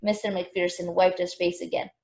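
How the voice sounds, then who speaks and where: A woman reading a children's novel aloud with expressive, animated storytelling. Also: on the low side, moderate pace, vocal fry. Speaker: narrator.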